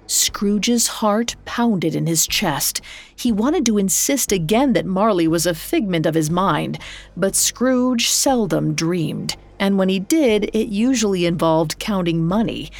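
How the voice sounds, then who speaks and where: A woman narrating a story from a script in a measured, dramatic way. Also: mid-range voice, lively intonation, gravelly.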